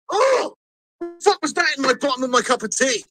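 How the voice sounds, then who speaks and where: High-pitched sweary man ranting. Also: sing-song, normal speed, bright, forceful tone, rough recording. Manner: angry, swearing rant. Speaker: football fan streamer. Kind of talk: live watch-along rant.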